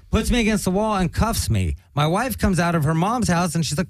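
A man's voice: sits high, expressive, fairly quick, few pauses, no room sound, low-quality recording. A man telling a long, profane story on a casual talk show and acting out the voices of the people in it. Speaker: guest comedian.

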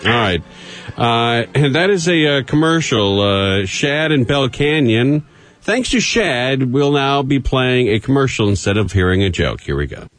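A man hosting a call-in radio talk show, brisk and dry, teasing his callers. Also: mid-range voice, sing-song, a bit bright, faint music behind. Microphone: studio microphone.

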